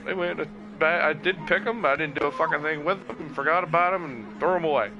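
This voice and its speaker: A man chatting casually while gaming, swearing often and telling animated stories. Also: fairly high pitch, fast talker, lo-fi sound, background noise. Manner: profane, animated storytelling.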